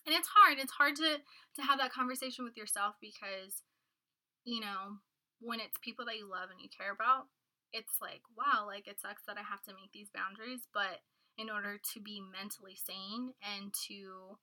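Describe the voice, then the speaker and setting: A woman's voice: medium pitch, normal speed, pushed and bright, poor audio. A woman chatting casually and candidly, rambling a little and swearing now and then. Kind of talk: casual chat.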